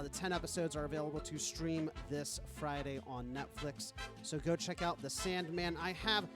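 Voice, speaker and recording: Chatty podcast co-host with a high voice. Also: male voice. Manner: chatty, jokey, trails into laughs. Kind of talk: casual chat.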